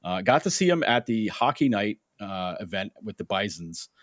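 A young man co-hosting a sports podcast, telling a story in a casual, animated way and acting out the voices in it. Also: fairly low pitch, moderate pace, no echo. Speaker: podcast co-host. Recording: dull lo-fi sound, dry.

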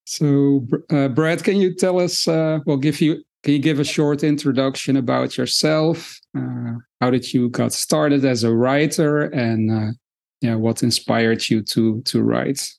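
Gravelly hesitant podcast host. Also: male voice, mid-range voice, fairly even intonation, unhurried, darkish tone. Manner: hesitant, many fillers. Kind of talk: interview questions.

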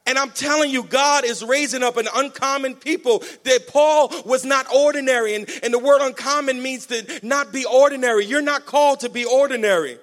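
A man preaching a sermon with energetic call-and-response, urging the congregation to answer back. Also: extremely high pitch, a little fast, few pauses. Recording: long hall reverb.

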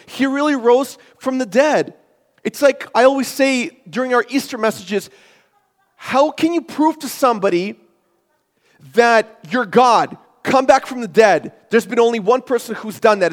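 High-voiced male pastor, emphatic preaching. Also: expressive, a little slow. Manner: emphatic, rhetorical questions, shifts between loud and hushed. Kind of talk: sermon. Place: church sanctuary. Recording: long hall reverb.

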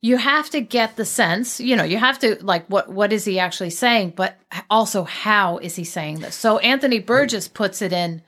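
A woman's voice: mid-range voice, moderate pace, few pauses, a bit bright. A woman speaking as a guest in a casual conversation about a poet, chatty and digressive, often restarting her sentences.

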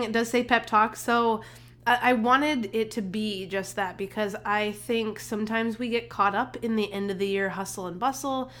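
A woman's voice: mid-range voice, fairly bright tone. A young adult woman hosting her own podcast, giving an upbeat, encouraging pep talk in a casual, chatty way, a little congested. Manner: upbeat, encouraging, chatty with many fillers and restarts. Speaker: podcast host, holistic nutritionist.

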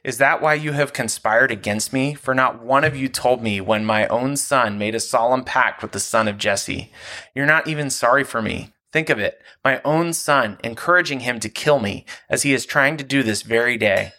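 A man's voice: mid-range voice, normal speed, pushed and bright. A man voicing an angry, suspicious king with a raised, accusing voice.

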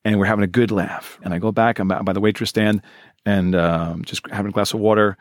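A man in his forties, a magician telling stories fast and animatedly in a podcast interview. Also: lowish voice, no echo, studio quality. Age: 40s. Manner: fast-talking, animated storyteller. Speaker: guest, professional magician.

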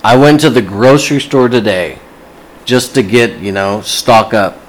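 A man's voice: medium pitch, a little slow, poor audio. A man ranting casually to camera, agitated and swearing constantly.

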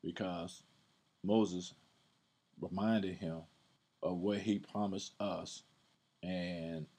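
Husky low-voiced man teaching scripture. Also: fairly even intonation, very slow, mellow. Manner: conversational, repeats words, reads verses aloud with emphasis. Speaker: podcast Bible teacher.

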